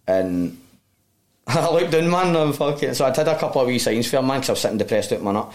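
A man's voice: medium pitch, lively intonation, fairly quick. A man with a Glaswegian accent telling his own story as a guest, in a sweary, heartfelt, rambling way. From Glasgow, Scotland. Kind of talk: candid personal storytelling.

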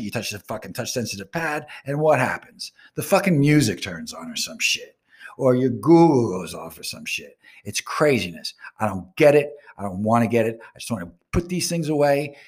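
A man hosting his own online show, delivering a profane, ranting monologue that swings between loud outbursts and muttered asides. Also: on the low side, slightly rough. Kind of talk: profane rant to camera.

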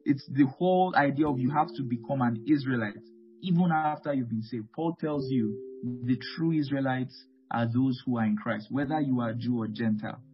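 A man's voice: medium pitch, normal speed. A man preaching a Bible teaching sermon, emphatic and repeating key phrases, often calling out amen. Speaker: pastor. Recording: muffled lo-fi with guitar music.

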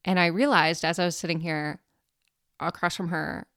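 A woman's voice: on the low side, steady tone, moderate pace, fairly bright tone, no echo, studio quality. A woman co-hosting a podcast as an energy healer, telling stories in casual chat with lots of filler words. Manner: chatty, filler-heavy storytelling.

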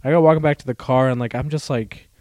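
A young man co-hosting a podcast, telling a story in a rambling, halting way, full of fillers and loudly acted-out quotes. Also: medium pitch, steady tone, dry recording. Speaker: podcast co-host. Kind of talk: casual chat, storytelling.

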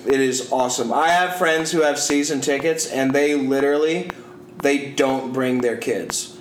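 A young man co-hosting a podcast, excitable and hyped, chatting casually about sports bets. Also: medium pitch, normal speed. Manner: excitable, hype, talks in bursts. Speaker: podcast co-host. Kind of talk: casual sports betting chat. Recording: echoey room with background noise.

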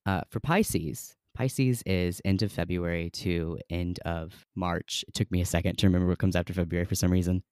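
A man's voice: low-pitched, fairly even intonation, moderate pace, hardly any pauses, darkish tone, clear, resonant tone, dry recording, clean studio sound. A young man hosting a podcast in a casual, rambling way, full of "um" and "like". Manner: chatty, rambling, many fillers. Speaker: podcast host.

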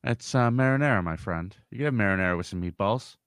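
A man co-hosting a casual comedy podcast, playful and quick to joke and riff. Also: on the low side, a bit bright, clean tone, no room sound. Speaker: podcast co-host.

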